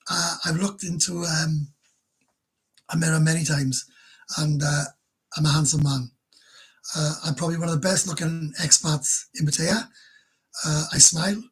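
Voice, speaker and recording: A Welsh man chats casually through viewer comments on his live stream. His voice sits a little high and sounds husky, and he rambles bluntly, often laughing at himself. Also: fairly even intonation, moderate pace, pauses often, rough recording. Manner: blunt, rambling, self-mocking.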